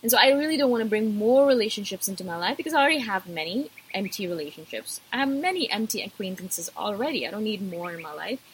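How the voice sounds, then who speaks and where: A woman's voice: mid-range voice, expressive, fast talker, hardly any pauses, a little hiss or hum, rough recording. Emphatic woman vlogging to her viewers. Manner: emphatic and repetitive, addressing viewers directly. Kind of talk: casual talk to camera.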